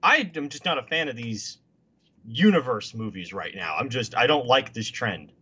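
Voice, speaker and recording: A man talks movies in an easy, casual way, opinionated and emphatic, sliding into mocking impressions now and then. His voice is bright and pushed forward. The recording sounds dull and lo-fi. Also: medium pitch, expressive, normal speed, husky.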